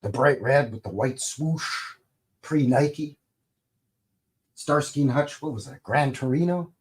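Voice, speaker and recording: A middle-aged Canadian man chats casually while hosting a live stream, his medium-pitched voice moving a little slowly. He rambles in a folksy way, full of fillers and restarts.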